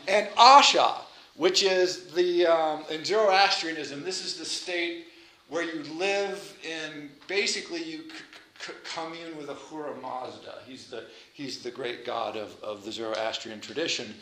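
A man giving an informal lecture in a chatty, animated way, with self-deprecating asides. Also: fairly high pitch, measured pace, echoey room, slight background noise, poor audio.

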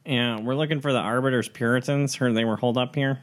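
A man's voice: mid-range voice, fairly even intonation, fast. A man, a player in a tabletop game role-play, speaking in a wry, blunt way.

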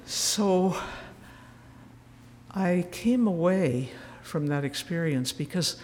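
Gentle man telling stories in a hall. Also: sits high, lively intonation, slow. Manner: gentle storytelling, soft asides. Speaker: retreat speaker. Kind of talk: reflective spiritual retreat talk. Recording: roomy hall with faint noise.

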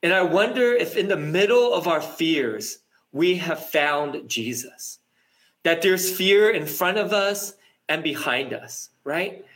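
A man delivers a reflective sermon at an unhurried pace. His voice sits slightly high, and he often restarts phrases and repeats words as he works through a thought. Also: lively intonation, fairly bright tone. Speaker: pastor. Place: apartment.

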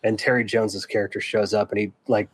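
Lively man chatting about a show. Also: on the low side, quick pace, husky, dry recording. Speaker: podcast co-host. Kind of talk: casual fan chat.

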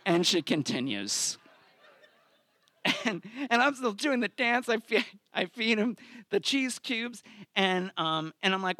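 A man's voice: high-pitched, expressive, measured pace, sharp tone, dry recording, clean studio sound. A man hosting a live story slam, telling a comic personal story and acting out the quotes in it with big swings of his voice. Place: theater stage.

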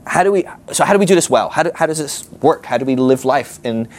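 A man with a mid-range voice talks fast while teaching a ministry class in a conversational style. He's animated and often acts out the things people might say to themselves.

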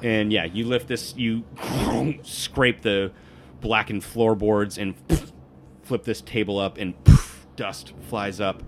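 A man narrating as game master of a tabletop game, lively and laughing along. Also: fairly low pitch, slow, faint music behind.

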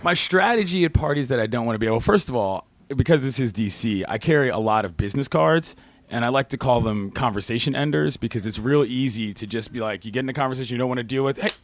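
A man chatting as a guest on a live stage show, relaxed and rambling. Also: mid-range voice, fast talker, dry recording. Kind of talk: casual on-stage conversation. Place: bookstore stage before an audience.

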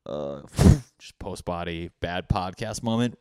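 A man's voice: lowish voice, a little slow, clear, resonant tone, no room sound, studio quality. A young man hosting a podcast in a loose comedic monologue, rambling, swearing freely and laughing at his own jokes. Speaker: podcast host.

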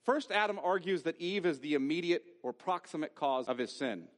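A man's voice: on the high side, animated, brisk, long reverb tail. A man preaching a sermon as pastor, emphatic and given to rhetorical questions. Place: church sanctuary.

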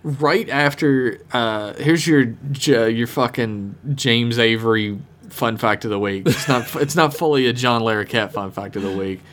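A man's voice: mid-range voice, fairly bright tone. A man co-hosting a podcast, chatting casually and jokily about a TV episode, swearing and mimicking characters. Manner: laughing, swearing, acting out lines in quick put-on voices. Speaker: podcast co-host. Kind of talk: casual chat recapping a TV episode.

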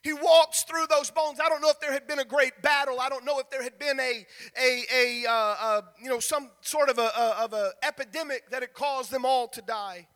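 A male pastor preaching a sermon, rising into shouted, sing-song cadences. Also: very high-pitched, fairly even intonation, normal speed, in a large hall.

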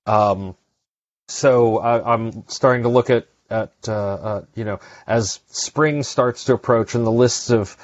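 A man's voice: mid-range voice, measured pace, no room sound. A man hosting a podcast, chatting casually and rambling with lots of fillers and restarts. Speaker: podcast host. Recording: dry, dull lo-fi sound.

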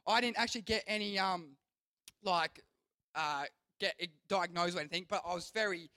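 A man's voice: high voice, normal speed, pushed and bright, no room sound. A young man preaching to a youth group as their pastor, earnest and rambling, often restarting his sentences. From Australia. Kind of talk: youth sermon.

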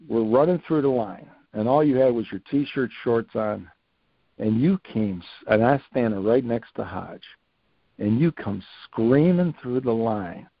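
Here a retired coach, now an older podcast guest, recounts stories with animation in a relaxed interview, leaning on repeated phrases to drive points home. He speaks in a mid-range voice, captured with no echo and dull-sounding audio.

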